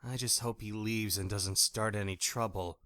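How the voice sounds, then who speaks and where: A male audiobook narrator voicing a fierce, blunt young woman with a hot temper who gives sharp, curt retorts. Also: fairly low pitch, steady tone, normal speed, no echo, studio quality. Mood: worried. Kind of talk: audiobook character voice.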